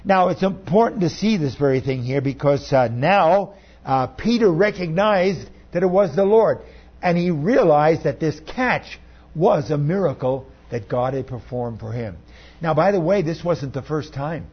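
A man's voice: a little high, expressive, a little slow, husky, lo-fi sound. A man preaching a sermon as pastor, conversational, asking his listeners rhetorical questions.

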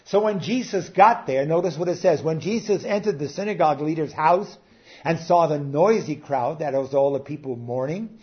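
Older male preacher, fairly high-pitched, emphatic delivery that swings soft to loud; muffled lo-fi sound. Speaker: pastor. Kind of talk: sermon. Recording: dull lo-fi sound.

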